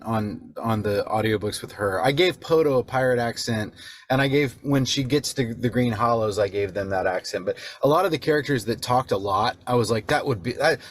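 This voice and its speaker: A man's voice: medium pitch, normal speed, no room sound. A man, an author and father, talking casually and self-deprecatingly, laughing as he speaks. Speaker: author guest. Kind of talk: casual chat.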